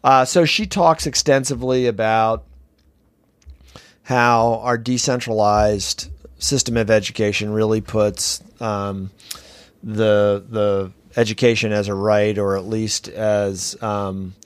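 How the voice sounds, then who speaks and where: A man's voice: on the low side, fairly even intonation, takes it slowly, clear, resonant tone, no echo. A man co-hosting a podcast, chatting casually and summarizing a news article with frequent ums and restarts. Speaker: podcast co-host. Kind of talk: casual discussion of education news.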